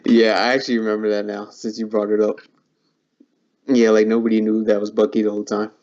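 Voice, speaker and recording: A young man chats in an easygoing, agreeable way and hedges often with filler words. His tone is dark and mellow. The recording sounds muffled and lo-fi. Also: fairly low pitch, monotone, brisk. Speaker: guest. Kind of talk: casual chat.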